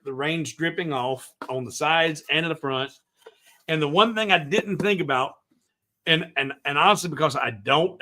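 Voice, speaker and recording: Southern US man hosting a livestream, fairly high and forceful voice, chatty, rambling, keeps restarting his sentences. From American South. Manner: rambling, friendly, many restarts. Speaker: livestream host. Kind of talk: casual livestream chat.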